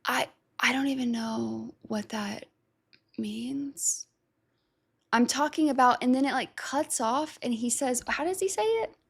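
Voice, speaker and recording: A woman's voice: sits high, creaky, breathy edge. Uncertain woman thinking aloud. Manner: thinking aloud, unsure, trailing off into self-doubt; reads lyrics aloud slowly. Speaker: music reaction host. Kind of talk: casual reaction commentary.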